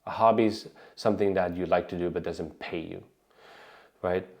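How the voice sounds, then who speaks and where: A man's voice: low-pitched, steady tone, normal speed, vocal fry. Swedish-accented man giving casual advice. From Sweden. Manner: conversational, frequent "right?" tags and restarts. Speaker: online business coach. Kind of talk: casual advice talk to camera.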